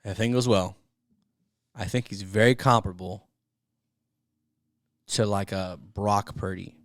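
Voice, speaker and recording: A man's voice: lowish voice, steady tone, normal speed, a bit bright, dry recording. Dry-sounding joking male podcast co-host. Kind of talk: casual sports chat.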